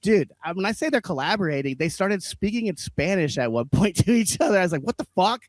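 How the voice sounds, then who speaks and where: A man's voice: sits high, expressive, fast talker, no room sound. A man co-hosting a podcast, ranting in a heated, profane, casual chat. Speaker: podcast co-host.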